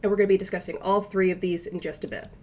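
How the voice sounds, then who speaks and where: A woman's voice: medium pitch, fairly even intonation, darkish tone, slight background noise. Woman teaching a patient language lesson. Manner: patient step-by-step explanations, slows down for example phrases.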